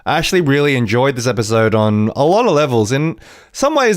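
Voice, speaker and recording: Brief: male podcast host, chatty animated reviewer, rambling, dry recording. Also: medium pitch, a little fast, no room sound. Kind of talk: casual TV episode review.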